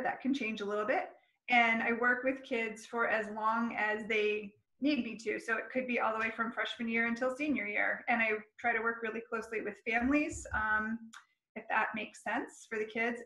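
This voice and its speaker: A woman's voice: on the high side, pushed and bright, roomy sound, rough recording. A woman school counselor talking casually about her work in an interview, friendly and chatty. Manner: friendly, chatty, laughs easily.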